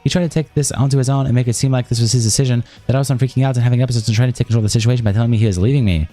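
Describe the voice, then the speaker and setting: A man streaming, reading a long document of text messages and statements aloud in a rapid read-through. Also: medium pitch, steady tone, dark tone, faint music behind.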